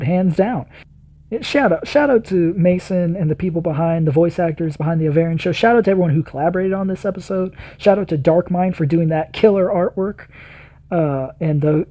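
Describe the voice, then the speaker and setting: A man's voice: on the high side, warm tone. A man hosting a reaction video, giving enthusiastic, rambling commentary full of fillers.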